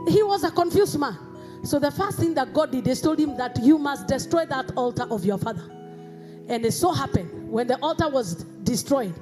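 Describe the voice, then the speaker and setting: A Kenyan woman pastor delivering an emphatic sermon in a church, rising to shouts. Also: high-pitched, lively intonation, moderate pace, over music.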